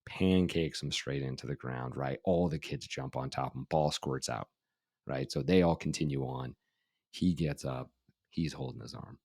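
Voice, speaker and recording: A middle-aged man with an extremely low voice, husky and gravelly at the bottom. He talks through a story in a relaxed podcast manner, dotting it with "you know" and "right?". The sound is dry and close. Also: normal speed, dry recording. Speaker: guest, life coach.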